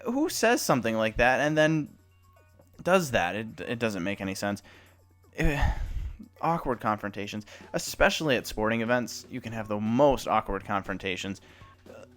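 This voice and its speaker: Young dude rambling on about stuff, lots of restarts, voice jumps all over, bit of music behind. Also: male voice, lowish voice, a bit bright. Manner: rambling, self-conscious, many restarts. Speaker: sports report host. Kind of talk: casual storytelling then reading sports news.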